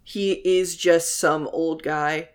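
A woman's voice: deep voice, fairly even intonation, slow pace, smooth. Woman thinking aloud, full of fillers. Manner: emotional, thinks aloud with many fillers, swears casually. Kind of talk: casual chat recapping a TV episode.

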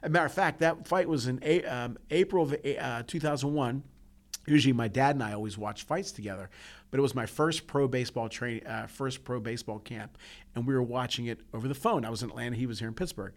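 A podcast co-host with a medium-pitched voice speaks at a quick pace, sharing personal stories in casual, heartfelt talk. He comes across as earnest and emotional, often restarting and repeating himself.

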